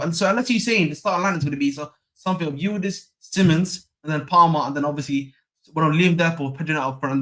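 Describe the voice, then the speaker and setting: Young guy rambling on a football stream, slangy, kinda high voice. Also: a bit bright. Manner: chatty, repeats himself, slangy. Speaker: football channel host. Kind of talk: casual live-stream chat.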